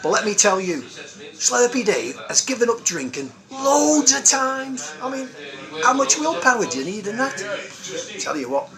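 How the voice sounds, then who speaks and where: A man's voice: very high-pitched, big pitch swings, moderate pace, over music. A man hosting in character, rambling cheerfully through one-liner jokes in a busy pub. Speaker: comic host in character. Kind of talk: joke-telling pub comedy. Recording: loud pub crowd behind.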